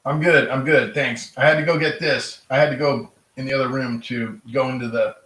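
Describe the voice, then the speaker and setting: A man's voice: medium pitch, fairly even intonation, a little fast, fairly bright tone, reverberant, low-quality recording. A man casually chatting as he runs a live-stream auction from his home, laughing often and rambling between bids. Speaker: livestream auction host. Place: room at home.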